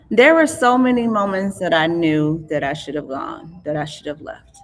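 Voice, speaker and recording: Earnest, reflective woman in a reverberant hall. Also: fairly low pitch. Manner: earnest, reflective, halting with restarts. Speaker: author and interview guest. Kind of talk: emotional life-story interview.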